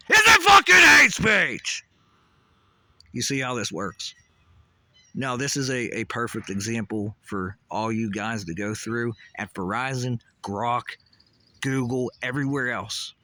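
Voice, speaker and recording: A man's voice: fairly low pitch, fairly bright tone. A man delivering a rambling, intense monologue as a vlogger, swearing often and repeating questions.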